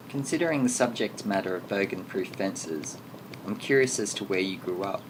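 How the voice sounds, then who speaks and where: A man interviewing a guest on the radio, reading measured, formal questions. His voice sits a little low, with a faint hiss of noise behind it.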